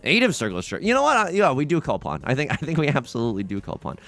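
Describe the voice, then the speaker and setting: Animated man joking through a game. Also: mid-range voice, faint music behind. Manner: animated, joking, quick restarts and self-mocking asides. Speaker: let's play host. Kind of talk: casual gameplay commentary.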